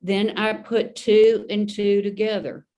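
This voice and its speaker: A woman recounting her own recovery in an interview, taking her time over each thought. She speaks earnestly and lets her emotion show. Her voice sits at a middle pitch. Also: flat delivery, mellow, a little hiss or hum. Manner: slow, earnest, emotional storytelling. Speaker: guest sharing recovery story. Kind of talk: personal testimony in a podcast interview.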